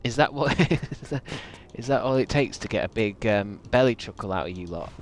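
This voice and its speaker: A man's voice: lowish voice, lively intonation, normal speed, slight background noise. A man streaming a video game, rambling and swearing with a sarcastic edge. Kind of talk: gaming livestream commentary.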